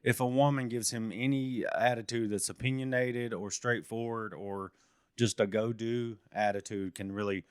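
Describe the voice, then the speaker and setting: A man's voice: medium pitch, steady tone, normal speed, smooth, no echo. Man, co-host, blunt, profane, casual chat, dry recording. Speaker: podcast co-host. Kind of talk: casual true crime chat.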